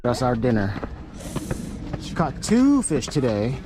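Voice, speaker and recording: A man's voice: mid-range voice, wildly swooping pitch, unhurried. Man coaching fishing over wind noise. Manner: patient, coaxing, calls her babe. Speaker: streamer out fishing. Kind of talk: casual coaching while fishing.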